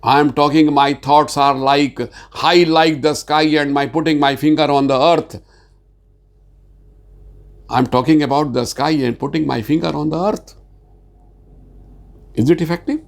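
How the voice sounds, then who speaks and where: A man lecturing on sales communication in a halting, earnest way, repeating words and pausing often with fillers. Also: a little high, steady tone, creaky. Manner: speaks slowly with many fillers. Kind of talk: informal spoken lecture.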